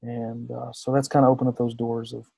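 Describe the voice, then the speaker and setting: A man's voice: mid-range voice, brisk, creaky, no room sound. A man in his thirties, a podcast guest telling a personal story in conversation, acting out the people he quotes. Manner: lively storyteller who acts out quoted dialogue.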